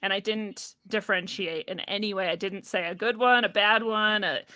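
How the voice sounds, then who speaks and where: A woman shares a personal story in relaxed, conversational talk. Her voice is bright and forceful, and the recording is close and dry. She laughs often and slips into the voices of people she quotes. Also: medium pitch, normal speed, dry recording. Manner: animated, laughs often, acts out what people said. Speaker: podcast guest.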